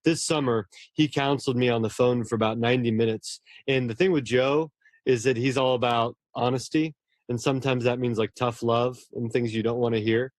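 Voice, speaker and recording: A man's voice: mid-range voice, fairly even intonation, brisk, no room sound, studio quality. A man, a horror novelist, talking earnestly and at length in a casual interview, often restarting his words.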